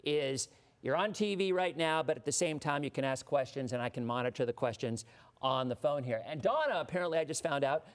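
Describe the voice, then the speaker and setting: A man with a slightly higher voice hosts a live studio show. He talks in a chatty, loose way and jokes easily with his guest. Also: animated, a little fast. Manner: chatty, jokey, loose and conversational. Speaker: weather show host.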